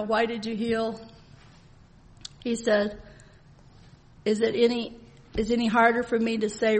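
A woman preaching a sermon in an earnest, heartfelt way, moving between soft, gentle passages and loud, emphatic declarations, with frequent laughter. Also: a little high.

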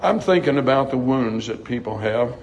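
A middle-aged man preaching a sermon earnestly, climbing to emphatic highs and dropping to soft, quiet passages. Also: animated, moderate pace, lo-fi sound, slight background noise.

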